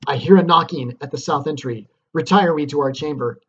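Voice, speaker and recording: Guy doing a bossy scheming lady voice, higher and louder, kinda muffled recording. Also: a little fast, a little hiss or hum, close to an everyday voice. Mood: scornful commanding. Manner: raised, scolding, theatrical. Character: scheming, scornful noblewoman, commanding and impatient.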